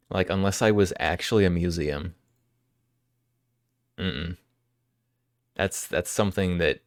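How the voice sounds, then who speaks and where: A man's voice: low-pitched, no echo, clean studio sound. A man live-streaming, chatting casually and jokingly with his viewers as he answers their questions.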